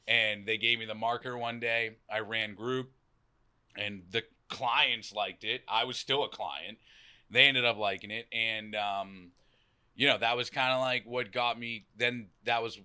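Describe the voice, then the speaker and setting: Young Boston guy, low and forceful, loud and brash, swears freely, acts out what people said. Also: fairly even intonation, measured pace, clear, resonant tone. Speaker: podcast guest. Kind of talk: casual conversation.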